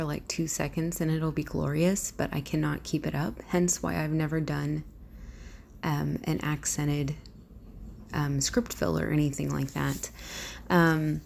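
A woman audio creator from the Southern US, chatting casually to her listeners in a hesitant, self-deprecating way with clear, careful diction. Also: sits low, darkish tone, a little hiss or hum.

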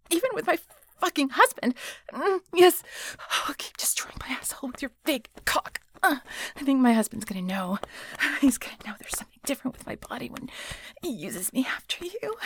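A woman's voice: high voice, a bit bright, no room sound, full character voice. A woman voicing a proud, defiant female boss and mother in an adult audio role-play, talking breathily and dropping into whispers. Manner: breathy, moaning, sudden whispers.

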